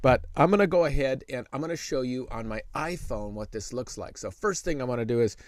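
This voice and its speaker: A man's voice: mid-range voice, no echo. Dry-sounding man teaching a tech tip. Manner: relaxed and conversational, with frequent fillers and restarts; slows to speak very deliberately when dictating. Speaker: tech tutor host. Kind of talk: casual tech tutorial.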